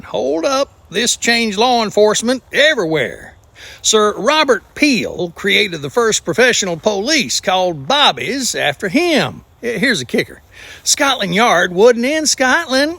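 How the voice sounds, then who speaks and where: A man's voice: sits high, creaky, bright, forceful tone, dry recording. A man with a Southern US accent hosting a scripted comedic trivia show, folksy and exclamatory with punchy jokes. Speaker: host.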